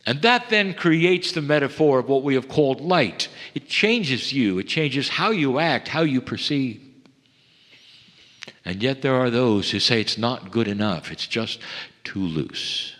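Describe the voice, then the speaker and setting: A man delivering a channeled spiritual message to a seminar audience, measured and intimate, often sinking to hushed tones. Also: medium pitch, lively intonation. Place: seminar hall. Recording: long hall reverb.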